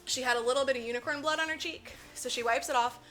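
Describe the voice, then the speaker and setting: A woman co-hosting a podcast, telling a film's plot in loose, profane chat. Her voice sits a bit high and rings bright and forceful, and she slips in quick impressions of the characters. Faint music runs behind her. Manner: animated, profane storytelling, mimics characters. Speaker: podcast co-host. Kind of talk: casual movie recap chat.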